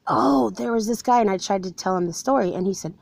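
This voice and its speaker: Talking fast in a gravelly, darkish mid-range voice, a forty-year-old woman recounts to viewers, with earnest grievance, how she was wronged. She's a vlogger sharing her own story from somewhere cold, and the recording is dry.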